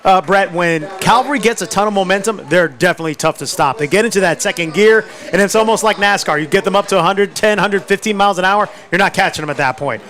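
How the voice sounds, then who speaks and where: A man with a high voice calls a high school football game play by play. He talks quickly through the routine snaps and rises to excited shouts when a runner breaks free. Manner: excitable, shouts on big plays. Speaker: play-by-play announcer. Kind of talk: live sports play-by-play commentary.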